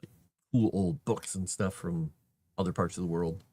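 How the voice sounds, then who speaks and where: A man on a casual livestream, thinking aloud to himself as he formats a document and grumbling at the software. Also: low voice, fairly even intonation, normal speed, slightly rough, no room sound. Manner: mutters to himself while working, grumbles at software.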